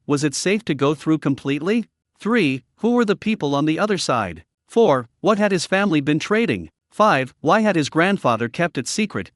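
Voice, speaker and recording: A man narrating a written story in a steady storytelling manner, breaking tense moments into short dramatic fragments. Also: on the high side, no room sound, clean studio sound.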